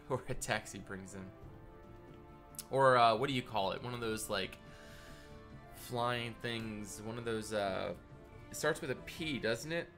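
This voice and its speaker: A man chats and rambles through a live building stream with a clear, bright voice. He is congested and a little nasal from a cold. Faint music plays under his talk. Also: medium pitch, a little slow, long pauses. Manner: chatty, rambling, greets chat by name. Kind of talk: casual live-stream chat while building.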